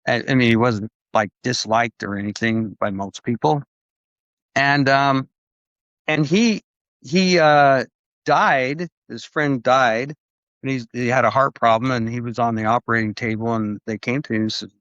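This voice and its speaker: A man speaking as a guest on a podcast, telling a story in a loose, rambling way and stopping often to restart. He acts out the people he quotes as he goes. His voice sits mid-pitch and comes through a dull, lo-fi recording with no room echo. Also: a little slow, a bit bright. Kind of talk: conversational storytelling.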